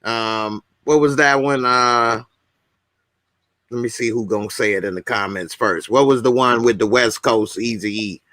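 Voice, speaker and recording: A man hosts a loose, joking live chat. His voice is bright and forward. The sound is dry and close, with no room around it. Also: measured pace, dry recording. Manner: loose and joking, breaks into high falsetto singing. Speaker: show host. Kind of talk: casual chat on a live show.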